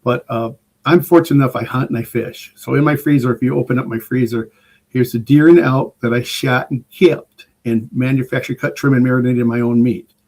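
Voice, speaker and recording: A man's voice: mid-range voice, steady tone, a little fast, a little mellow. An older man, a retired chef and prepper, chatting casually as a podcast guest in an enthusiastic, rambling way. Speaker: guest preparedness expert.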